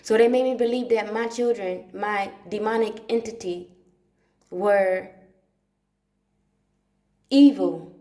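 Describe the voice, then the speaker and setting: A woman sits in a dark room at home and talks in a loose, rambling monologue, swearing freely and circling back over her words for emphasis. Her voice sits in an ordinary middle range. The room gives her voice a clear echo. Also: medium pitch, fairly even intonation, unhurried. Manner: profane, repetitive, emphatic. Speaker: livestream host.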